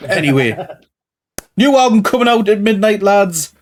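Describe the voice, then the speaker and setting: A man interviewing a band in a loose, chatty way, laughing and swearing along with them. His voice sits a little high. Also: sing-song, measured pace. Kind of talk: casual interview.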